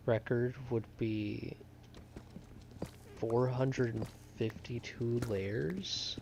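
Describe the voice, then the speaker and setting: A man's voice: mid-range voice, steady tone, drawn-out words, vocal fry, a little mellow, slight background noise. A young man streaming a game, chatting casually and rambling to his viewers in a self-deprecating way. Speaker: gaming streamer. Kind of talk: casual gameplay chat with chat. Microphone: desk microphone.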